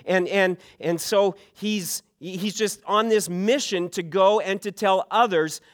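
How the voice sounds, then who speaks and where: A man's voice: sits high, slow pace. A middle-aged man from Canada preaching a sermon, earnest, often repeating words as he starts a sentence. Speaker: pastor.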